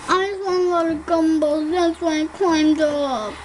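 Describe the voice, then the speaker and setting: A woman plays a small, greedy little girl doll in a toy play video. She talks in a very high, squeaky voice. Her speech is slow and drawn out, with a sweet, childlike sing-song lilt. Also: steady tone, a little mellow, slight background noise, poor audio. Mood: apologetic.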